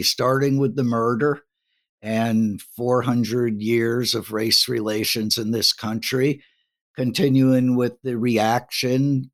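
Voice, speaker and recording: A man speaking in a measured, deliberate way as a guest in a political discussion. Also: medium pitch. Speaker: panel guest.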